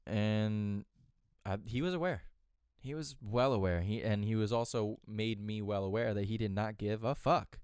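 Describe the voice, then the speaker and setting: A man's voice: lowish voice, moderate pace, a little mellow, clear, resonant tone, no room sound, studio quality. A man hosting a podcast, telling a personal story in a candid, casual way, swearing freely and restarting his sentences. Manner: candid, profane, rambling with restarts. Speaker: podcast host.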